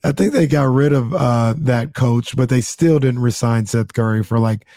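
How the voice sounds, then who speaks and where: Easygoing, mellow sports talk man. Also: mid-range voice, moderate pace, no echo, studio quality. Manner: easygoing, laughs often, analytical. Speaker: sports radio co-host.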